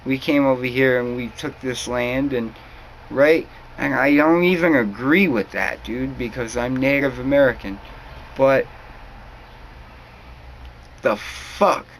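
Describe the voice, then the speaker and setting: A man's voice: mid-range voice, slow pace, pauses often, low-quality recording. Young guy ranting and swearing, rambly, heated, bit of background hiss. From New England. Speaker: vlogger. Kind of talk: ranting monologue to camera.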